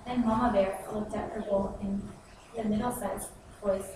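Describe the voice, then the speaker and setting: A woman reading a storybook aloud to children in an expressive, sing-song way. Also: mid-range voice, moderate pace. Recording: echoey, far-off noisy room.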